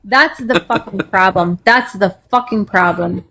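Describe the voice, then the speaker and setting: A woman's voice: mid-range voice, a little slow, gravelly, fairly bright tone. Furious woman swearing nonstop. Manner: angry, swearing constantly. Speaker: panel speaker. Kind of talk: heated live-stream argument.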